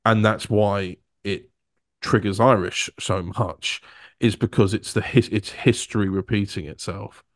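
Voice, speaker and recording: A man hosting a casual interview, talking in a halting way and restarting his phrases often. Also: lowish voice, steady tone, no room sound, studio quality. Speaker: interviewer, co-creator.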